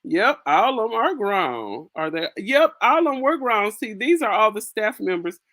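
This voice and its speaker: A woman's voice: mid-range voice, sing-song, normal speed, a bit bright, no echo, clean studio sound. A young woman hosts a casual livestream, chatting to viewers, reading their comments aloud and laughing often with slangy asides. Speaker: livestream host. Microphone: phone.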